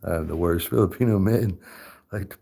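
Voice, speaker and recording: Profane, laughing low-voiced man. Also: a little slow. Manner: profane, animated, laughs often. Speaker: streamer host. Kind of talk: casual livestream chat.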